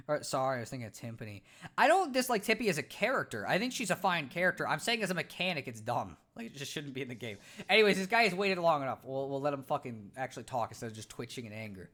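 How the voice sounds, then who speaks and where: A man's voice: a little high, a bit bright. Ranting, profane young male streamer. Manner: ranting, profane, many fillers. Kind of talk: casual gaming commentary.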